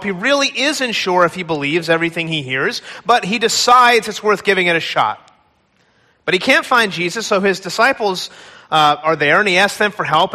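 A man preaching a sermon in a church, retelling a scripture story with dramatic, expressive delivery. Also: sits high, long reverb tail. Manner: dramatic storytelling, acting out pleas. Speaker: pastor. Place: large church hall.

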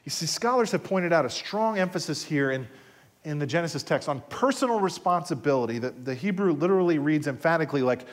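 A male pastor delivers a sermon in a slightly high, very lively voice. He swings between hushed, intimate asides and loud, emphatic rises. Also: fairly quick. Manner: animated preaching with sudden soft drops and loud rises.

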